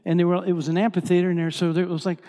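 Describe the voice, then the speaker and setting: A man preaching a storytelling sermon, animated, swinging from hushed tones to shouting. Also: sits high, rapid-fire, big-room sound. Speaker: preacher and worship leader.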